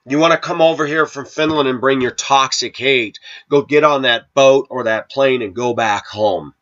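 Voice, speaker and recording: A middle-aged man, sniffly with a cold, hosts a video channel and rants to camera, combatively scolding and preaching to his viewers. His mid-range voice is a bit bright and keeps a moderate pace. The recording has dull lo-fi sound.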